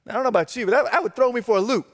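A man preaching a sermon to a congregation in a conversational way, with dramatic pauses and repetition. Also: extremely high pitch, long reverb tail. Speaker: pastor.

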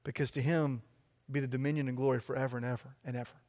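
A man's voice: mid-range voice, little pitch movement, fast, a little mellow, big-room sound. A man preaching a sermon as pastor, emphatic, with a repetitive cadence.

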